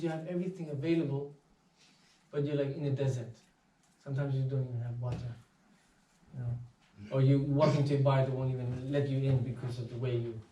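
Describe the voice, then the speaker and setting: A man giving an inspirational talk, telling anecdotes in a casual, animated way and acting out the voices of people in his stories. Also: mid-range voice. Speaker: speaker. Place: meditation centre hall. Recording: echoey hall, voice from far off.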